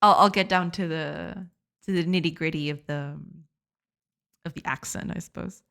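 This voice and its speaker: A woman's voice: low voice, steady tone, moderate pace, creaky, a bit bright. Giggly woman chatting on a stream. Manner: giggly, reads and greets chat. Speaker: game developer streamer. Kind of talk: casual live-stream chat.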